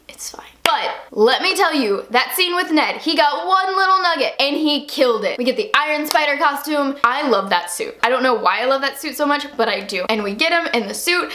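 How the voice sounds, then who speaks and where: A young woman chats straight to her camera at home about a film she loved. Her voice sits high and bright, and she gushes with animated energy, breaking into squeals and then whispered asides. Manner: gushing and animated, swings between loud squeals and hushed asides. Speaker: vlogger. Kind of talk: excited movie reaction chat.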